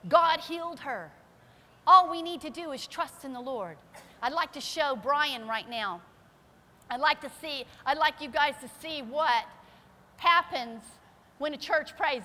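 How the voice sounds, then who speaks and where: A woman pastor preaches a fervent testimony to her congregation, her voice high and strikingly bright. Her words ring out with a long church-hall reverb, and a faint background noise sits under the sermon. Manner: fervent preaching that climbs to shouted praise. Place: church sanctuary during a service.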